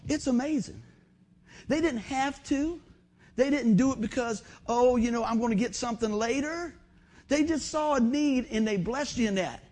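A man's voice: very high-pitched, moderate pace, a little mellow. A man preaching a sermon in a folksy, storytelling way, often saying "man". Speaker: pastor.

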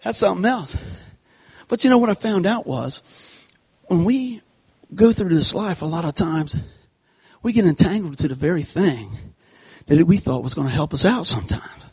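A man giving an animated sermon, telling a folksy personal story and acting out the scenes. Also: high voice, normal speed, husky. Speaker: church speaker. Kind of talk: sermon told through a comic personal story.

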